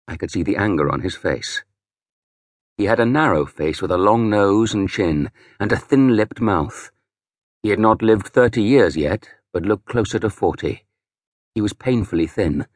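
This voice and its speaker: A man's voice: lowish voice, breathy edge, no echo, studio quality. A man narrating a historical novel in the first person with grave, dramatic delivery. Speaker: audiobook narrator.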